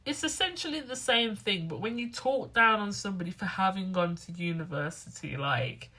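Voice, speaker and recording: A woman, chatting to camera as a student vlogger, rambling and animated. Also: medium pitch, moderate pace. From England. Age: 20s. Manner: rambling, animated, acts out other people's lines. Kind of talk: casual talking-to-camera vlog.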